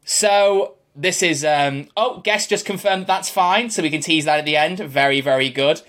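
A man's voice: a little high, moderate pace, a bit bright. A man co-hosting a podcast in casual chat, talking in a rambling way and often laughing. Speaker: podcast co-host.

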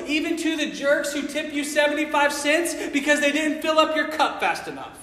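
A man's voice: very high voice, expressive, moderate pace, fairly bright tone. A man preaching a sermon, full of impassioned rhetorical questions. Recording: echoey hall from far off.

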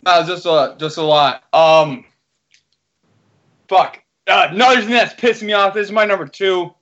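A man's voice: sits high, normal speed, fairly bright tone. A man co-hosting a podcast, complaining in casual, profane, irritated talk. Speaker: podcast co-host. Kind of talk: casual chat, ranting. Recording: dull lo-fi audio.

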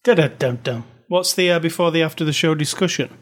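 A man's voice: fairly high pitch, fairly quick. Chatty man hosting a movie podcast. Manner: chatty, joking, reads aloud with dramatic stress. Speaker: podcast host. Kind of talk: casual chat.

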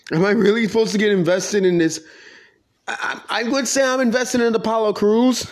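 A man's voice: high voice, a little fast. Profane, heated young man ranting. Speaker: wrestling commentator. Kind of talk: opinionated casual rant.

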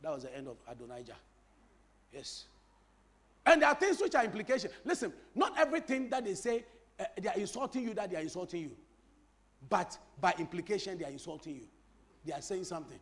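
A man preaching from the pulpit in a very high voice that leaps up and down with lively energy. He repeats phrases for emphasis and jokes with his congregation as he goes. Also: quick pace, long pauses. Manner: animated preaching with repetition and crowd-teasing humor. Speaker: pastor. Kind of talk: sermon.

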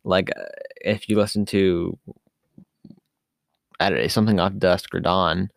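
A man's voice: low voice, steady tone, measured pace, creaky, dry recording. A man hosting a podcast on his own, talking in a casual, rambling way with lots of fillers and asides. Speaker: podcast host. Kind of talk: casual solo podcast talk.

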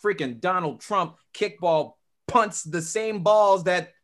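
Podcast co-host, male, animated and excitable, slightly high-pitched. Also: slow. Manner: animated, laughing, voice jumps high when worked up. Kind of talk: casual chat.

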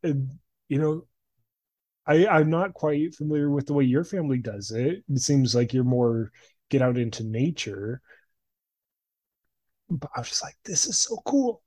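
A man's voice: medium pitch, moderate pace, darkish tone, no echo. A man in his twenties hosting a podcast interview, chatty and upbeat, laughing easily with his guest. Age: 20s. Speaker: podcast host and life coach.

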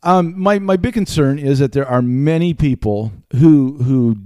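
A middle-aged man, the father co-hosting a family podcast, talking in a halting, restarting way. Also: on the high side, warm tone, smooth, no echo, clean studio sound. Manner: halting, restarts while explaining. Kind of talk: casual family podcast chat.

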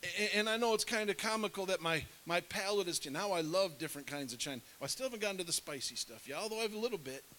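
A middle-aged man preaching with a somewhat high voice, telling a story with animation. He sometimes drops to a hushed whisper to act out scenes. A faint hiss runs under the recording. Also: lively intonation, fast talker, hardly any pauses, rough recording. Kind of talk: sermon storytelling.

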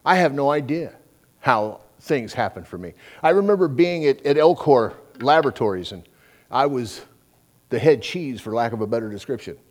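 A middle-aged man preaching a sermon, his pitch rising and falling a great deal as he goes. He talks in a folksy, conversational way and acts out little exchanges with other people as he tells them. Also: expressive, moderate pace. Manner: conversational preaching with folksy asides and quoted dialogue. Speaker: pastor.

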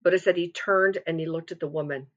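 Low-voiced woman giving a homespun devotional. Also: fairly even intonation, fast, lo-fi sound. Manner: retells scripture conversationally, with restarts and asides. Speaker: devotional speaker. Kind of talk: informal devotional sermon.

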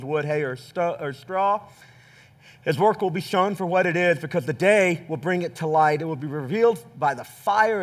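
A man preaching a sermon as pastor, speaking earnestly and directly to his congregation. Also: fairly high pitch. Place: church sanctuary. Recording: reverberant church hall.

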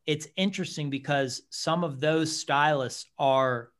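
Chatty self-deprecating co-host. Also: male voice, a little high, unhurried, fairly bright tone. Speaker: podcast co-host. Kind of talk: casual interview chat.

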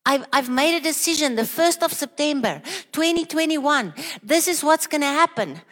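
A woman's voice: high voice, animated, moderate pace, a bit bright, in a large hall. A woman preaching a sermon, earnest and questioning, with many repeated rhetorical questions.

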